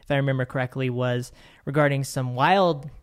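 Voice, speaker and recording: A man's voice: mid-range voice, steady tone, fairly quick, clear, resonant tone. A man hosting a podcast, chatting enthusiastically with his guest and full of fillers. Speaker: podcast host. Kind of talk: casual interview chat.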